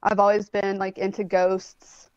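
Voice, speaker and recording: A woman's voice: medium pitch, monotone, unhurried, darkish tone, clear, resonant tone, no room sound. Woman in her 40s rambling on a video call, dull lo-fi sound, dry. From Indianapolis, USA. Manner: rambling storyteller, swears freely, many "like" and "um". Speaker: guest. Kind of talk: casual chat. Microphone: phone or tablet on a video call.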